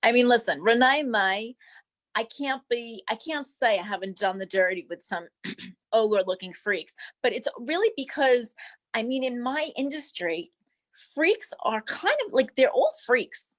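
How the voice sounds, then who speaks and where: A woman's voice: a little high, animated, unhurried. Renee May, a woman playing a gossipy celebrity manicurist. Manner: rambling, breezy gossip, calls everyone darling and doll. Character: gossipy female celebrity manicurist, flamboyant Hollywood diva. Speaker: guest. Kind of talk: improvised comedy character interview.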